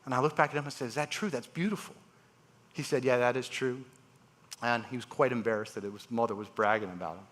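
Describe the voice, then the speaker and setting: A man's voice: mid-range voice, quick pace. A man giving a storytelling talk on stage as a transplant surgeon, acting out the voices of his patients. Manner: animated, acts out patients' voices. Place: large live event hall.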